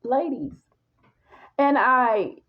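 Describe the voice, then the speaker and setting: A woman's voice: high voice, drawn-out words, highs cut off. A woman gives an emphatic personal testimony, talking straight to her listeners.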